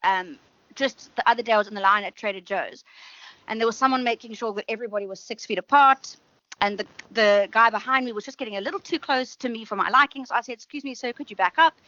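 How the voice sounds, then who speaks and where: A woman's voice: on the high side, fast, sharp tone, highs cut off. A woman musician guest telling blunt, profane stories in casual chat.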